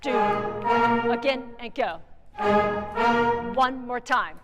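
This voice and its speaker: A woman with a fairly high voice coaches a wind band, singing rhythms on syllables and counting the players in. Her voice rings out in the long reverb of a theatre hall, with the band playing behind her. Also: normal speed, pauses often, a bit bright, faint music behind. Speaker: band clinician. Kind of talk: rehearsal instruction.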